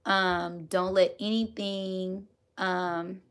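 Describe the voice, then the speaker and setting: A woman's voice: mid-range voice, little pitch movement, extremely slow, clean tone. A woman hosting a casual spiritual livestream, chatting with viewers and thanking them often.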